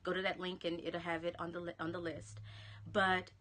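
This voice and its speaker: A woman's voice: on the low side, flat delivery, moderate pace, fairly bright tone. A woman with a Southern American accent giving an encouraging live-stream pep talk, chatting to viewers and dropping to a whisper on key phrases. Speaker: motivational speaker. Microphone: phone or webcam live stream.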